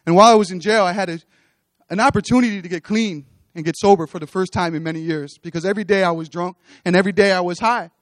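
Casting: man preaching his own testimony, high voice, dry close sound, earnest and repetitive. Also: fast talker, no echo. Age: adult, with children. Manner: earnest, repeats phrases, rising to exhortation. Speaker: church speaker giving testimony. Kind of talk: testimony sermon. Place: church stage.

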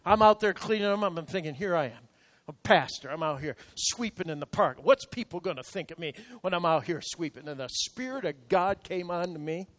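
A man's voice: high-pitched, animated, brisk, fairly bright tone. A male pastor preaching a sermon in church, emphatic and counting out his points. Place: church service.

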